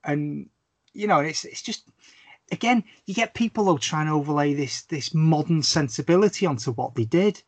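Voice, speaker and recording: A man in casual podcast chat, telling stories animatedly with lots of swearing and swooping pitch. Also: normal speed, no echo. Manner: animated, sweary storyteller with big pitch swings. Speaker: podcast guest or co-host.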